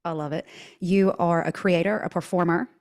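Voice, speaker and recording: A woman with a Southern twang hosts a chatty interview, her voice sitting a little low for a woman. She gushes warmly and effusively about everything. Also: steady tone, moderate pace. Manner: bubbly, effusive, gushing. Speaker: podcast host. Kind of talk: casual interview chat.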